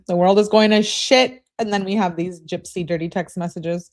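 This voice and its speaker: A woman's voice: lowish voice, steady tone, moderate pace. Blunt woman reading and commenting. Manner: blunt, exasperated asides. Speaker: host.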